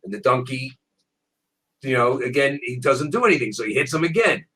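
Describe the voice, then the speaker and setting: Husky-voiced man teaching Bible. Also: mid-range voice, a little fast, poor audio. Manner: animated storyteller with frequent restarts. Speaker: rabbi, guest teacher.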